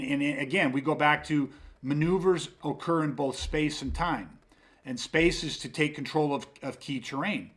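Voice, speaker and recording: A male podcast host walks through self-defense tactics in loose, casual talk, and his voice sits at an ordinary, mid-range pitch. He speaks emphatically, drops curse words freely and often restarts his sentences as he thinks aloud. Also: fairly bright tone. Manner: emphatic, profane, rambling with restarts.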